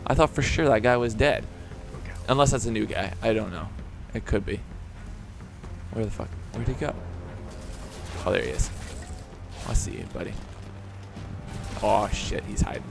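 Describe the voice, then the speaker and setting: A young man giving loose let's-play commentary, excitable and profane. His voice has a gravelly, creaky texture, with game music faintly behind him. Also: on the low side, normal speed, long pauses. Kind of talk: casual gameplay commentary.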